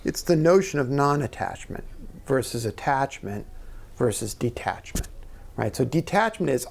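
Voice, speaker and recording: Earnest and sometimes hushed to a near-whisper, a middle-aged guest speaker relates personal stories during an onstage conversation in a small members' club event room. His gravelly, medium-pitched voice has lively intonation and a moderate pace.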